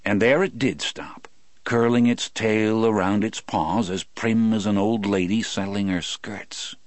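A man narrating an audiobook in a measured, reflective storytelling manner. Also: on the low side, no echo.

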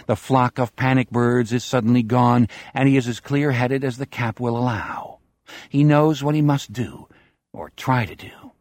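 A man reading an audiobook in a measured, dramatic narrating style. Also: medium pitch, a little mellow, no echo.

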